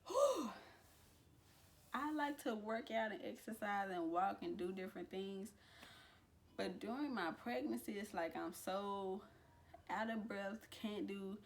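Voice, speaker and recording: A young woman talking casually to camera in a vlog, chatty and relaxed, with frequent fillers and restarts. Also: medium pitch. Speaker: vlogger. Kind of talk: casual pregnancy update vlog.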